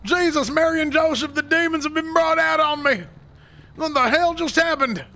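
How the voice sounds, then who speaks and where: A man's voice: high-pitched, very animated, fast talker, bright, forceful tone, exaggerated voice. A man playing a folksy, bellowing older small-town sheriff in live game role-play. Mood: alarmed. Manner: bellowing, folksy exclamations, calls everyone son.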